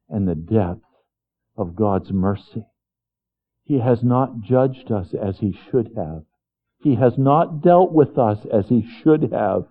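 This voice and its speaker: Slow, earnest preacher man, tinny sound. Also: medium pitch. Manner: earnest preaching, swinging between hushed and fervent. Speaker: pastor. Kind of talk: sermon.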